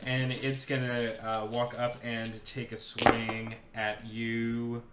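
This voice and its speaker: A woman acting as game master, narrating combat in a slow, deliberate way. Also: rumbling low, little pitch movement, heavy background noise. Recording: roomy echo.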